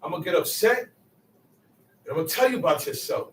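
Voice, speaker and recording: Man, street-talk Bible teacher, animated high voice, faint hiss behind. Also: fast talker. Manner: emphatic, repeats phrases, swings from soft asides to loud outbursts. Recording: echoey room, mic set far off.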